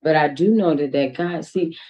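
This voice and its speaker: A woman's voice: low voice, moderate pace, warm tone, poor audio. A woman with a Midwestern US accent, speaking as a witness in a recorded police interview, hesitant and rambling, with many "you know"s.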